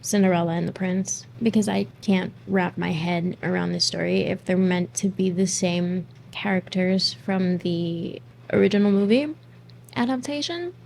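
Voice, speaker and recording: A woman's voice: on the low side, moderate pace, vocal fry, darkish tone, a little hiss or hum. Blunt, snarky woman reacting to a movie. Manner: blunt, swears freely, snarky. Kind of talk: casual reaction commentary.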